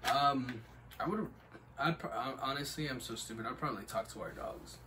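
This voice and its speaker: A man's voice: medium pitch, moderate pace. Rambling young man, off-mic. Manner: rambling, laughs often. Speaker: podcast co-host. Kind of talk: casual chat. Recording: distant mic, faint background noise.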